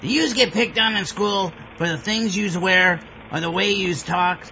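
Popeye-ish sailor, high gravelly growl, dull lo-fi sound, vehicle hum behind. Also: male voice, unhurried, pushed and bright, full character voice. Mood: preachy. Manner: mangled grammar, sailor growl. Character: gruff sailor man cartoon hero, kindly.

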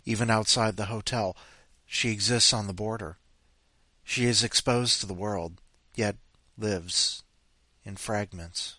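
A man's voice: fairly low pitch, takes it slowly, pauses often, dry recording. A man hosting a podcast, rambling casually with sighs and mocking voices. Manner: animated, sighing, mocking voices. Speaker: podcast host.

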